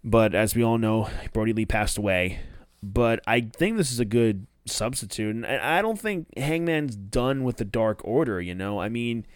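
A man hosts a casual solo review, rambling with restarts and offhand swearing. His voice is smooth and resonant. The recording is dry and close. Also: medium pitch, expressive, normal speed, no echo. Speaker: wrestling podcast host.

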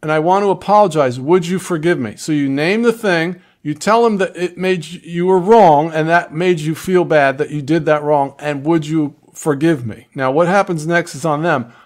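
A man with a slightly raised pitch speaks earnestly, guiding his audience step by step. His delivery is direct and instructive, like a coach laying out a plan. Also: moderate pace, few pauses. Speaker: relationship advice speaker. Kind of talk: instructive advice talk to viewers.

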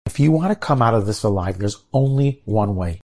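A calm, seasoned air traffic controller, put on by a man telling a story talks in a low, warm, slightly husky voice. He gives firm, measured instructions and never sounds rushed. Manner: steady, measured, reassuring instructions.

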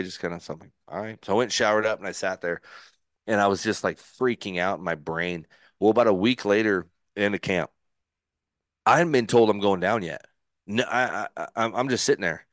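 A middle-aged man with a fairly low voice spins a story as a podcast guest. He is animated, acts out his own inner thoughts, and trips over restarts. It is recorded close and dry, with no room sound. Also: fast, no echo. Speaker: podcast guest, former pitcher. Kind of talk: casual storytelling.

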